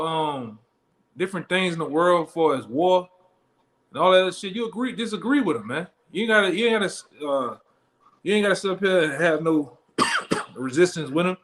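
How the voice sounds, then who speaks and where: High-voiced man teaching scripture bluntly. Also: a bit bright. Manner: blunt and profane, punctuates lines with "man" and "all right?". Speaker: Bible study teacher. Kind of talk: street-style scripture teaching.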